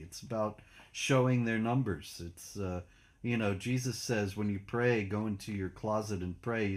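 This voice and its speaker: A man hosting a casual political discussion, speaking in a measured, matter-of-fact way. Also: medium pitch. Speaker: host.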